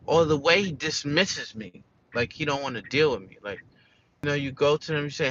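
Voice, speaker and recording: American man, casual rant, profane and rambling, bright voice, dull lo-fi recording, faint vehicle hum. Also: sits high, lively intonation, moderate pace. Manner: candid, profane, rambling with restarts. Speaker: vlogger. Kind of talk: casual venting monologue.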